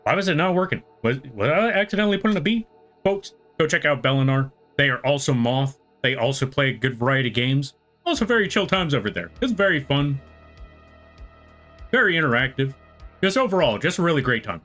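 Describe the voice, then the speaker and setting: A man with a slightly high voice streams live from a home setup, calling a race in a playful, excitable way. He drifts into rambling asides as he chats with viewers, while faint music plays underneath. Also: a little fast. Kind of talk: casual live-stream chat and race commentary.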